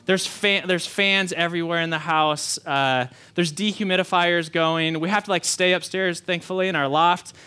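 Man preaching, quick animated storytelling, bright crisp tone, fairly high voice. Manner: hushed, slow prayer. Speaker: pastor. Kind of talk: sermon with prayer and story. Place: church hall.

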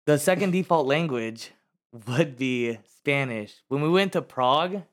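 An American man in a casual chat, speaking in a relaxed, reflective way and often trailing off mid-thought. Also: on the high side, a little slow. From United States.

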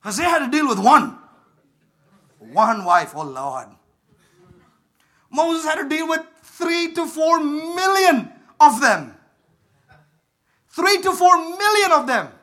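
High, bright-voiced fervent preacher man. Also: sing-song, slow, pauses often. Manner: fervent, rises to shouts and calls for congregation responses. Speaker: pastor. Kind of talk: sermon.

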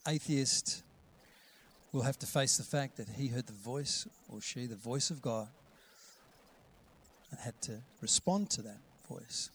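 A man preaching a sermon in a conversational way, acting out quoted voices and dropping to a hush for gentle lines. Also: medium pitch, a little hiss or hum. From Australia. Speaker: pastor.

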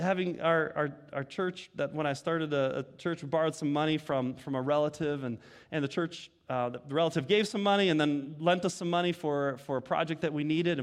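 A pastor preaching an earnest sermon that rises to emphatic peaks. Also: male voice, a little high.

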